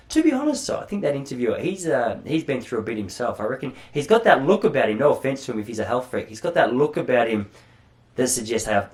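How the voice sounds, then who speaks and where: Australian male host, solo podcast, loose rambling chat, self-mocking, mid-pitched voice. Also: a little mellow. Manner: rambling, chatty, self-deprecating, swears casually. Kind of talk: solo casual monologue.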